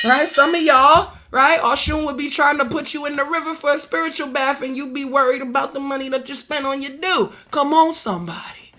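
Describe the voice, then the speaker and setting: A woman from Harlem, New York leads a prayer service, preaching rhythmically in call-and-response with repeated exhortations, chanted prayers and song. Her high-pitched voice is slightly hoarse, pushed and bright, and she speaks briskly with few pauses.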